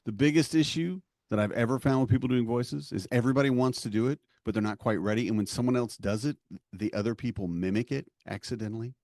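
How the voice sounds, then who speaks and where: A man co-hosting a podcast who runs tabletop games, talking in a relaxed, rambling and self-deprecating way. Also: medium pitch, fast talker, no echo, studio quality. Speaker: podcast co-host and game master. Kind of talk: casual podcast chat.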